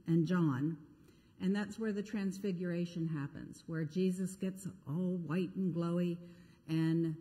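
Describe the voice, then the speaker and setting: Woman pastor, chatty sermon storyteller, darker lowish voice, church reverb. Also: mellow. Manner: conversational, self-deprecating storytelling. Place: church sanctuary. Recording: echoey church sanctuary.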